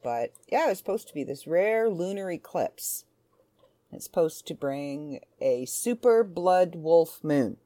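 A woman's voice: sits low, warm tone. A woman hosting a casual solo podcast from home, chatting in a rambling, self-interrupting way. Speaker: podcast host.

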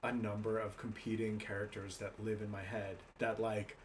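A man's voice: lowish voice, little pitch movement, normal speed, a little hiss or hum. A man co-hosting an improvised comedy podcast, talking casually and laughing along. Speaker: podcast co-host.

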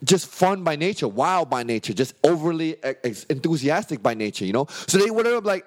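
A man's voice: fairly high pitch, animated, fast talker, few pauses. A man in his thirties on a podcast, talking bluntly and emphatically with lots of profanity. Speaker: podcast co-host. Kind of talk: candid podcast conversation.

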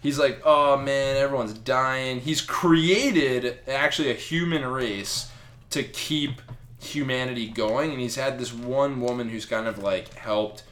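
A man hosting a casual podcast chat, recapping a comic in an animated, profane way. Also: mid-range voice, a little slow. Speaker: podcast host.

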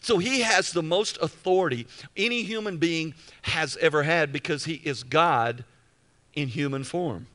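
A male pastor preaching a sermon emphatically, repeating key phrases and slowing down for weight. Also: fairly high pitch, pushed and bright.

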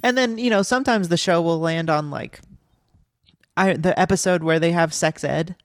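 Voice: medium pitch, moderate pace, no echo. Giggly podcast co-host, dry sound. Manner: loose, giggly, filler-heavy. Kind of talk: casual chat.

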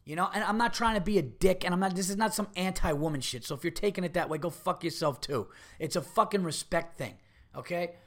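Talking quickly in a high-pitched voice, a middle-aged comedian on his own podcast tells an angry, foul-mouthed story and keeps repeating himself while acting out people's words.

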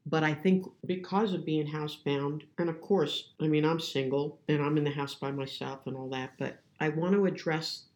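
A woman's voice: low voice, fairly even intonation, moderate pace, hardly any pauses, darkish tone. A woman guest who speaks at women's conferences, talking about faith with earnest, preacherly emphasis. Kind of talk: faith-based conversation.

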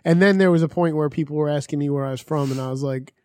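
A man's voice: on the high side, fast, dark tone, dry recording. A man co-hosting a podcast in casual chat, telling stories, laughing often and swearing. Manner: storytelling, laughs often, profane. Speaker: podcast co-host.

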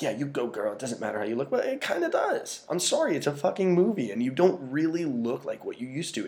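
Gravelly man ranting about a film. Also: mid-range voice. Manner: profane, exasperated, restarts often. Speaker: movie reviewer. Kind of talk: casual film rant.

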